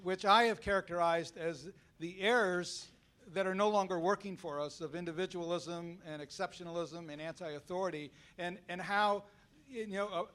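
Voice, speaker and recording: A man moderating a panel, speaking with enthusiasm and many halting fillers. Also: fairly high pitch. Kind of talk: casual talk.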